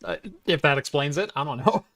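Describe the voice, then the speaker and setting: A man co-hosting a casual tech podcast, chatty, with halting restarts. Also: on the high side, fairly bright tone. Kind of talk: casual chat.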